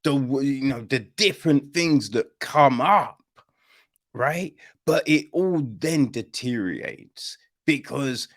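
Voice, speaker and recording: A man's voice: medium pitch, expressive, slow. A man hosting a podcast in casual chat, swearing freely and checking in with "right?" and "you know what I mean?". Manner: swears freely and uses slang; acts out quoted reactions in shifting voices. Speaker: podcast host reviewing a film.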